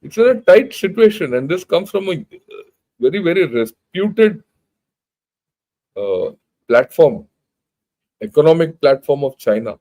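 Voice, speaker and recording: A man's voice: fairly high pitch, very animated, measured pace, long pauses, mellow. An older man with an Indian accent, a retired general and channel host, giving a blunt, emphatic informal talk and reading out news. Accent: Indian English. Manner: emphatic, blunt, conversational with many restarts.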